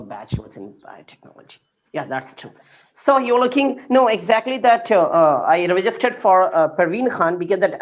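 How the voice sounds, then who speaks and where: Hesitant man on a muffled call. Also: fairly high pitch. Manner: hesitant, many fillers and restarts. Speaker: English teacher. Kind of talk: casual video-call conversation.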